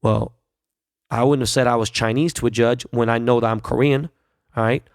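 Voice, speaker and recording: Profane ranting man with a gravelly voice. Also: medium pitch, steady tone, normal speed, no echo, clean studio sound. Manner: profane, blunt, heated ranting. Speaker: podcast host. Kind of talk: ranting solo podcast monologue.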